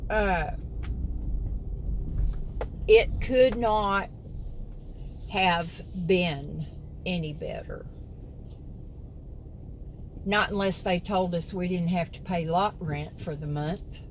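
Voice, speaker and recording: Southern woman in her sixties, unhurried folksy vlog chat, faint traffic hum behind. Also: mid-range voice. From American South. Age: 60s. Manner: chatty, folksy, talks to viewers as y'all. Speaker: vlogger. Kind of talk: casual chat to camera.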